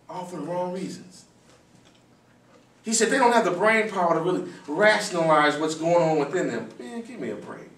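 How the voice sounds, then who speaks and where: Lively high-voiced man speaking to students. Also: normal speed. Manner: animated storyteller, acts out voices and shouts. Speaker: motivational speaker. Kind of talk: live motivational talk to students. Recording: echoey hall from far off, faint noise.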